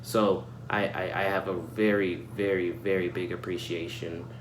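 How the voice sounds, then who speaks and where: A young man hosting a reaction video, earnest and reflective, halting and repeating words as he searches for them. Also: low-pitched, little pitch movement. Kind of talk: reflective casual commentary. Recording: echoey room with faint hum.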